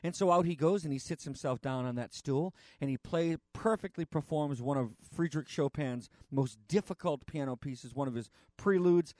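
An earnest male preacher with a slightly higher-than-usual voice, recorded close and dry. He talks in a halting way, stopping on fillers and restarting phrases, then pushes his points with force. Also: a little mellow, no room sound. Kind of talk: sermon.

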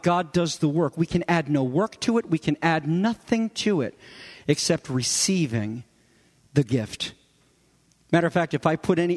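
A man's voice: fairly high pitch, long reverb tail. A man pastor delivering an earnest, emphatic sermon. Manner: emphatic, earnest teaching with pauses.

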